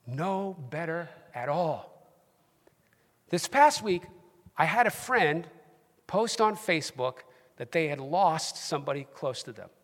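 A man preaching a sermon to his church congregation with animated emphasis. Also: high-pitched, long reverb tail. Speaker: pastor. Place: church sanctuary.

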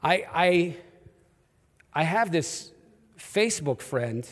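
A man's voice: high-pitched, expressive, normal speed, long reverb tail. A man with a New York accent preaching a sermon in a church, with humorous, conversational storytelling. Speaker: pastor. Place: church auditorium.

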